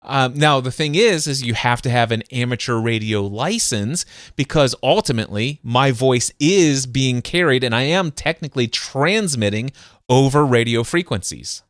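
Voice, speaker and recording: Smooth-voiced, animated male podcast host. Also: mid-range voice, moderate pace, dry recording, studio quality. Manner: animated, acts out sounds and voices in anecdotes; frequent restarts and stumbles. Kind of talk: excited conversational storytelling.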